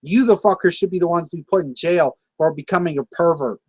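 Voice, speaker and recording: A man's voice: fairly high pitch, brisk, breathy edge, dry recording, muffled recording. Angry ranting young man, dry close voice. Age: 20s. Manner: angry, profane, repeats himself. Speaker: wrestling vlogger. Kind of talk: ranting to camera.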